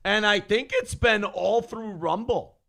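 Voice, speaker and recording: A man's voice: high voice, unhurried, gravelly, fairly bright tone, dry recording, studio quality. A man co-hosting a casual morning show, cracking jokes and reading viewer donations aloud. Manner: wisecracking, reads chat messages aloud.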